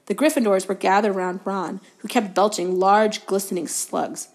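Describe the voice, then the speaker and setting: A woman guest reader narrating a children's novel aloud in a steady, even way. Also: medium pitch, moderate pace.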